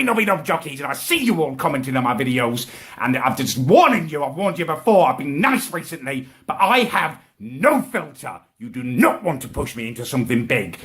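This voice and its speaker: Ranting man, lively pitch. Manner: furious ranting, swearing, petty indignation. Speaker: comedic vlogger. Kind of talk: angry ranting vlog.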